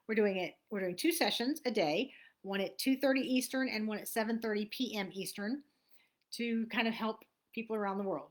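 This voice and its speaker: A woman, host of a casual motivational vlog, talking in a chatty, meandering way and often correcting herself. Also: a little high. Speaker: host, abundance coach.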